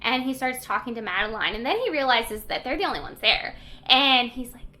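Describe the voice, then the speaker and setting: A young woman co-hosting a book podcast, casually retelling a story with lots of "like" and animated quotes. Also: on the high side, a little fast, rough recording. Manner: chatty, lots of "like", animated quoting. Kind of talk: casual chat retelling a novel's plot.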